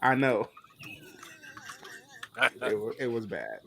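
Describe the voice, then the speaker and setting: A man's voice: mid-range voice, wildly swooping pitch, takes it slowly, gravelly, a crowd in the background. Slangy, joking man with a swooping voice. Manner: joking, slangy, swings from mumbles to loud bursts. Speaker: podcast co-host. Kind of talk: casual chat.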